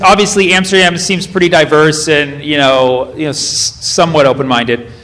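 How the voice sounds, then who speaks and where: American comedian doing playful crowd work. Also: male voice, fairly high pitch, steady tone, a bit bright. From United States. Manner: quick, playful questioning of the audience. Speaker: stand-up comedian. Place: comedy club with a live audience. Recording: live stage recording with crowd noise.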